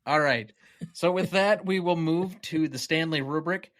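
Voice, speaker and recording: Somewhat high-voiced male podcast host. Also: measured pace, fairly bright tone. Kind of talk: casual chat.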